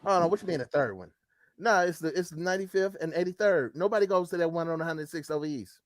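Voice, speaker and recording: Man, podcast co-host, teasing, laughs easily; somewhat high voice, dry and close. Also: fast, no echo. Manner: laughs often, short teasing comebacks. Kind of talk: casual comedic chat.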